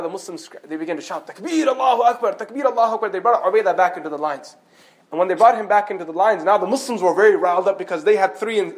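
Fast-talking, high-voiced male preacher. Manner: animated storytelling with joking asides. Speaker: Islamic preacher. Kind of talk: storytelling sermon.

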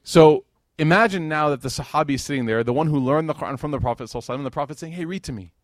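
A man's voice: on the high side, racing, dry recording, clean studio sound. Man giving a casual, joking sermon. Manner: conversational, with joking asides. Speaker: speaker at a religious gathering. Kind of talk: informal sermon.

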